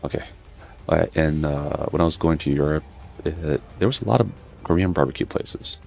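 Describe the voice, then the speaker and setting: A man with an extremely deep, gravelly voice tells food stories in loose, casual gaming chat. He drifts from story to story, swears freely and laughs a lot. Soft game music plays faintly behind him. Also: moderate pace. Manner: laid-back storytelling, swears, laughs often. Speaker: gaming streamer.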